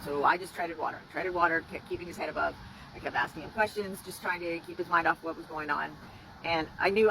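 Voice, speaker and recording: Woman, bright tone, candid first-person storyteller with a faint noise floor, swears freely. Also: lowish voice, low-quality recording. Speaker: rescuer telling her story.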